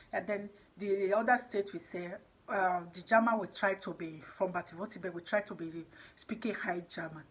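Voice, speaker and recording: A woman's voice: mid-range voice, a bit bright, breathy edge. A woman vlogging in a casual spoken monologue, speaking non-native English with loose grammar and repeating points for emphasis. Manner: emphatic, repeats herself for stress.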